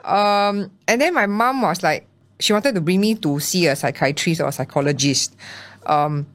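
Animated Singaporean woman, low voice. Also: normal speed. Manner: animated storytelling with acted-out quotes. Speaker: podcast guest. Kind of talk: candid personal interview.

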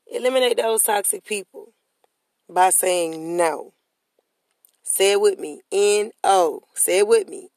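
A woman's voice: on the low side, no echo. A woman giving a motivational monologue to viewers in a casual, slangy way, emphatic and repetitive, leading her listeners in call-and-response chants. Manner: casual, slangy street talk. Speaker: motivational speaker.

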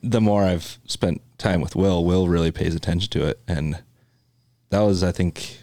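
Deep-voiced podcast co-host man. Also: normal speed, dry recording, studio quality. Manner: relaxed, chatty, with many restarts. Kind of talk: casual chat.

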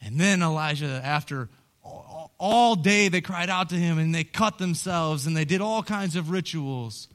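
A man preaching a sermon as pastor, moving from hushed, low storytelling to loud, rising calls. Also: measured pace.

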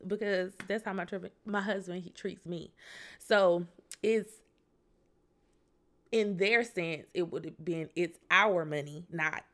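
Chatty woman podcaster, lowish voice. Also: fairly even intonation, slow, pauses often. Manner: chatty, laughs often, reads quoted texts aloud. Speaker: podcast host. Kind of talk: casual chat reading a story aloud.

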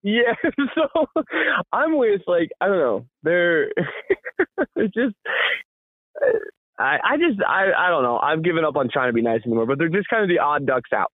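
A man chatting on a podcast, spinning a loose, excited story and laughing as he goes. His voice sits a little high and comes through tinny and narrow, like a phone line, with no room echo at all. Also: a little slow, pauses often. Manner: rambling, animated storytelling with frequent laughs. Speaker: podcast co-host. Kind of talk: casual podcast chat.

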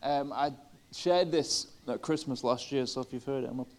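A man's voice: mid-range voice, normal speed, very noisy. A man preaching a sermon in a church service, telling a story in a casual, conversational way with many fillers. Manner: conversational, lots of 'like' and 'uh'. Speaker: pastor. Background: live band playing soft guitar.

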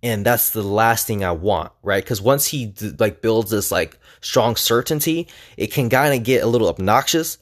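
Young male vlogger, low-ish voice, loose rambling storyteller, heavy on fillers. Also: normal speed, hardly any pauses. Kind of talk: casual storytelling.

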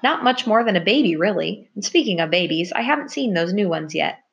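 Woman voicing gentle fond boy mouse, soft-spoken, gravelly tone. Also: medium pitch, lively intonation, a little fast, dull audio. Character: gentle fond male white pet mouse.

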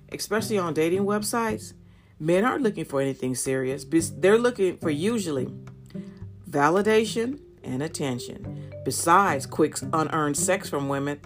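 Candid woman podcaster giving dating advice. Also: lowish voice. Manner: candid, animated, addresses listeners directly. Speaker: podcast host. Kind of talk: personal storytelling and dating advice.

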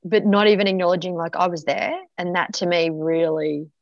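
A woman's voice: lowish voice, steady tone, moderate pace, creaky, dry recording, dull audio. A woman guest telling a personal story frankly, swearing freely and full of fillers and restarts. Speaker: podcast guest.

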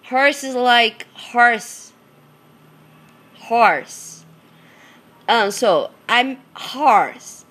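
Woman, Brazilian Portuguese accent, hoarse throat, slow unhurried talk, pauses to find English words, casual vlog chat. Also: fairly high pitch, animated, fairly bright tone. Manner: halting, searching for English words. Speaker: vlogger.

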